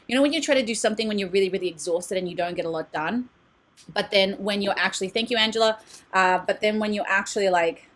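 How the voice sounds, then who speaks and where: A woman with a mid-range, slightly bright voice hosts a casual oracle card reading on a live stream. She talks candidly and reads messages aloud. She runs an oracle card and meditation channel and records at home in a closet she uses as a studio.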